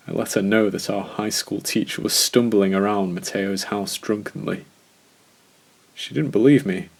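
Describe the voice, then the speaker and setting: A man narrating a first-person horror story in a slow, measured, scripted way. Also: on the low side, a little mellow.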